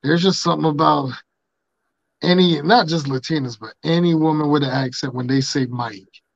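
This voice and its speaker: A man's voice: fairly high pitch, normal speed, creaky, no echo. A man hosting a podcast in casual, rambling banter, laid-back and swearing freely, on dull lo-fi audio. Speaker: podcast host.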